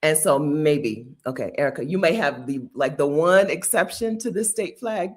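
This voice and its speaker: Low-voiced, animated woman. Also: normal speed, few pauses. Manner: animated and playful, laughing often; chatty with many asides and restarts. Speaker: livestream host. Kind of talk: casual livestream chat reading viewer comments.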